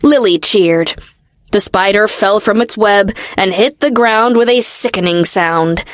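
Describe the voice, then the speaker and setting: A woman narrating a fantasy audiobook in a steady, expressive storytelling manner. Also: medium pitch, unhurried, no echo, studio quality. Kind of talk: scripted narration.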